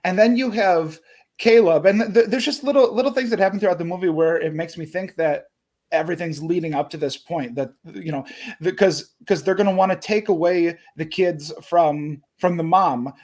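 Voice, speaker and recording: A man with a fairly high voice, chatting casually about a film on a podcast. He rambles and restarts his sentences often, sometimes slipping into the thoughts of the characters. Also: moderate pace, darkish tone. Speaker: podcast panelist.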